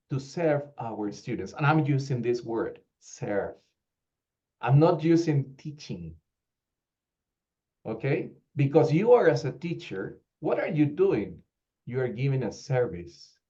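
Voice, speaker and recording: A man from Peru leads an online teacher training session, firing rhetorical questions at his audience. His voice is mellow and low in brightness. The call audio sounds slightly dull and lo-fi. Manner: animated, rhetorical questions, acts out quoted teachers. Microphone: video call.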